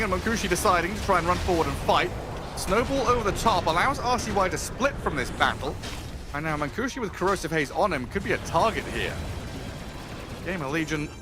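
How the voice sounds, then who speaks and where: A man casting live play-by-play commentary in an animated, jokey way, quick to laugh. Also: high-pitched. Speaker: esports caster.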